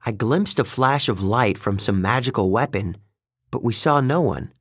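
A man narrating a first-person story in a measured, steady way, recorded close to the mic. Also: medium pitch, husky, no room sound. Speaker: audiobook narrator.

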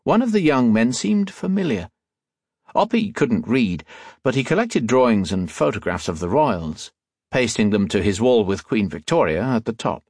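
A mid-range male voice narrates this audiobook steadily and measuredly, like a storyteller. The audio is clean studio sound with no room noise.

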